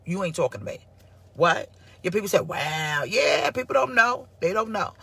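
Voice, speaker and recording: A woman pastor giving a casual live-streamed sermon, sassy and animated as she answers her online viewers. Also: medium pitch, moderate pace, gravelly, slightly rough, no room sound. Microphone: phone or computer mic for live stream.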